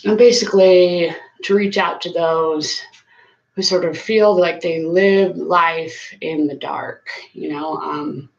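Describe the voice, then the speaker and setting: A woman's voice: medium pitch, creaky. A woman, talking earnestly and casually to viewers on a live stream from her bathroom, with plenty of fillers. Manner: chatty, earnest, with frequent fillers. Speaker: YouTuber doing a live stream. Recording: echoey small room, slightly dull sound.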